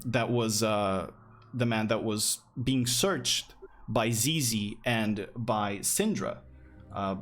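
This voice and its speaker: A man narrates a fantasy tabletop game as game master, telling the scene in a loose, casual way. Faint music plays beneath his mid-pitched voice.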